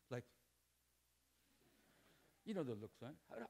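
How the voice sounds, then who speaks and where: A middle-aged man preaching a sermon to students in a church hall, animated and joking, acting out dialogue and shouting at emphatic points. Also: medium pitch, slow pace. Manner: animated, acts out dialogue and jokes. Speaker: pastor.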